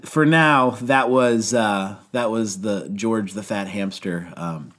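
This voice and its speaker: A man's voice: lowish voice, slow pace, fairly bright tone. A man co-hosting a podcast as a youth pastor, telling a funny story in casual chat, laughing often and acting out the quoted lines.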